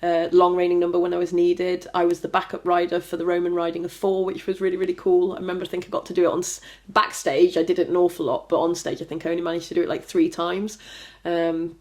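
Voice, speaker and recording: Woman guest, lower-pitched voice, rambling casual chat, lots of fillers. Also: completely flat delivery, fast talker, darkish tone. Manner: chatty and rambling, many fillers and restarts. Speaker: trick rider, podcast guest.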